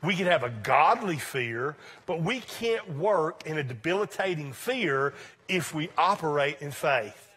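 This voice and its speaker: High-voiced unhurried male pastor preaching. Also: expressive, husky. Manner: conversational, emphatic preaching with sudden drops to quiet. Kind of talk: sermon. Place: church sanctuary with congregation.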